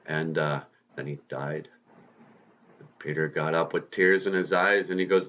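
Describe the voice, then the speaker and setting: A man's voice: sits low, unhurried, a bit bright. A man, a podcast host, telling a story to kids in a casual, folksy way with rambling asides. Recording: slightly muffled lo-fi recording.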